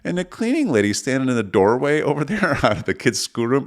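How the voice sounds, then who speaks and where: A man's voice: mid-range voice, wildly swooping pitch, moderate pace. A middle-aged man co-hosting a podcast, telling a funny family story in casual chat, laughing often as he talks. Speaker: podcast co-host.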